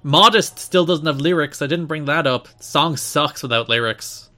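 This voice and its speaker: A man co-hosting a casual podcast, talking quickly and wryly, often laughing. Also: fairly high pitch, pushed and bright. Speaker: podcast co-host. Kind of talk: casual chat.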